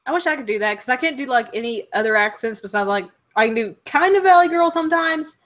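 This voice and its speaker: A young woman from Alabama with a Southern accent hosts a casual live web chat, reading viewer comments aloud. Her voice is fairly high and a bit bright, expressive and quick. She's chatty and leans heavily on "like" as a filler.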